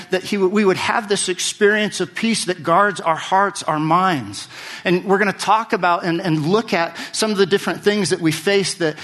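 A man's voice: high-pitched, a bit bright. A man preaching a sermon to his church, talking conversationally and repeating words as he restarts phrases. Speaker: pastor.

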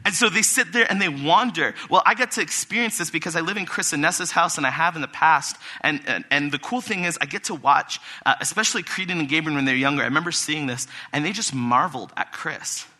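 A young man giving a casual, conversational sermon to a congregation, animated and quick to act out quotes. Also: a little high. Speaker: preacher. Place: church hall with a congregation.

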